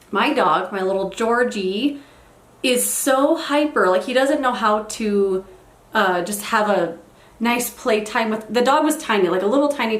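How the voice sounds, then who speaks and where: A woman's voice: on the high side, roomy sound. Chatty young woman vlogging at home. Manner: chatty, rambling, self-deprecating asides. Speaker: beauty vlogger. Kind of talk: casual get-ready-with-me chat. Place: bedroom at home.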